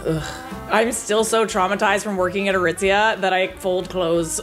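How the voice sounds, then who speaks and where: A woman's voice: mid-range voice, fairly even intonation, normal speed, soft background music. A young woman casually telling a story about a job, gossipy and playful. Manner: gossipy, laughing, playful asides. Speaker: commentator.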